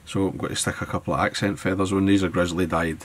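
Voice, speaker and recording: A Scotsman ties a fly at his desk, easygoing as he narrates the tutorial and thinks out loud. He talks fast in a low voice with fairly even intonation, over slight background noise.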